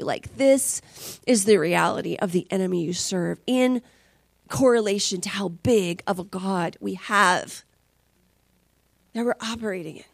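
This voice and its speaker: A woman's voice: on the high side, moderate pace, creaky, no echo. A woman preaching a sermon as a conversational, emotional testimony, dropping at times to near whispers.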